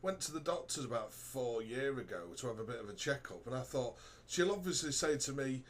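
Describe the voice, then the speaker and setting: A man hosting a podcast interview, relaxed and chummy, backing the guest with "mm" and "yeah". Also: mid-range voice, brisk. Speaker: podcast host. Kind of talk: casual interview chat.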